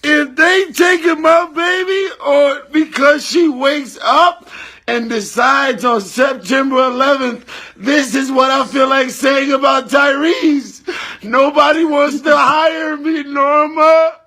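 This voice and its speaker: A married man crying as he makes an emotional statement about his daughter, pleading and rising to shouts. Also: very high-pitched, steady tone, slow. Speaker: father speaking out in a clip. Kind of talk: emotional personal statement video.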